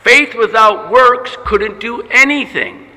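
A man delivers a sermon in an emphatic, teaching manner, putting questions to his listeners. His voice sits high and sounds very bright and sharp. Long reverb trails each phrase, as in a large church hall. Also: lively intonation, slow. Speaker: pastor.

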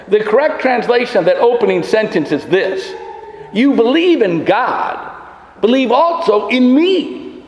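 Man, pastor, sermon, emphatic rhetorical preaching, high voice, roomy church reverb. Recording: echoey hall with long reverb.

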